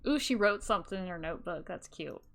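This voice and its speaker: A woman's voice: fairly low pitch, animated, fast, vocal fry, fairly bright tone, soft background music. A woman chatting, laughing often and reading game text aloud while streaming with a friend. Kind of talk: casual game stream chat.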